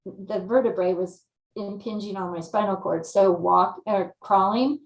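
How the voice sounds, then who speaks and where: Woman from california telling a story, animated, voices her own thoughts, roomy echo. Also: mid-range voice, unhurried, creaky. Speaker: interview guest. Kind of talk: casual storytelling.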